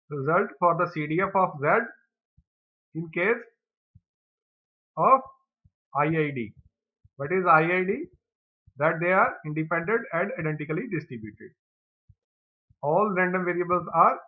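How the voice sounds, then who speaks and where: A man's voice: on the high side, phone-quality sound. A man teaching an exam probability problem, explaining each step steadily and methodically.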